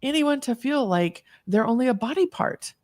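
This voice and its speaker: A woman's voice: high-pitched, expressive, moderate pace, a little mellow, dry recording. A woman appearing as a guest on a video-call show, speaking in an encouraging, emphatic way. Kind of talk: casual heartfelt talk-show chat.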